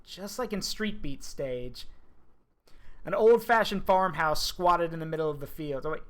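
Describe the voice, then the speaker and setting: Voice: mid-range voice, moderate pace, a bit bright, smooth. A streamer reading a game novel aloud, breaking off for chatty, joking asides.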